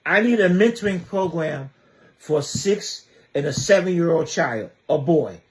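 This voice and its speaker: A high-pitched man from New Jersey speaks straight to his viewers in an impassioned livestream monologue. He hammers his points home by repeating rhetorical questions again and again, with a community advocate's urgency. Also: lively intonation, measured pace. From Trenton area, New Jersey.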